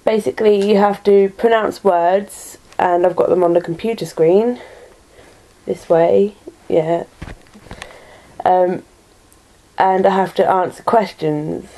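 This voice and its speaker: A woman's voice: mid-range voice, steady tone, slow pace, dark tone, poor audio. A woman from Norfolk with a Norfolk English accent, chatting in a casual vlog and reading out a word list, hesitant with many ums and self-deprecating asides, recorded on a computer webcam at home. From Norfolk, England.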